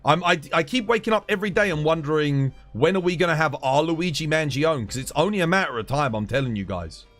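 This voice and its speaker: A British man in a live stream, ranting with a fairly high, very lively voice that swings up and down as he gets worked up. He swears freely and drops "dude" into nearly every thought. Faint game music plays behind him. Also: quick pace, hardly any pauses. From United Kingdom. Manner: heated, swears a lot, keeps saying "dude". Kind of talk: casual live-stream rant.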